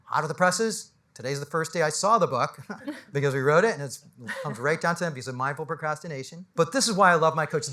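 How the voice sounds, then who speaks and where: A man, a business coach, gives an animated motivational talk to a live audience in an event space, firing off rhetorical questions and tagging lines with "right?". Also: fairly high pitch, fast talker, faint music behind. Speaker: business coach speaking on a panel.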